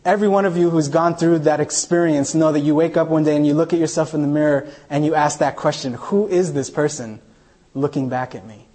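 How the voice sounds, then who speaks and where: A New York pastor delivers a sermon, his voice slightly high, fairly quick and dark in tone. He tells a personal story and acts out the voices of the people he quotes.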